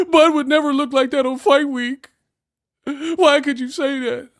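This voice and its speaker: A man putting on a high, mocking, sing-song voice to imitate a sensitive male fan. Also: unhurried. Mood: mocking whiny. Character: whiny, sensitive male fan mocked in shrill voice.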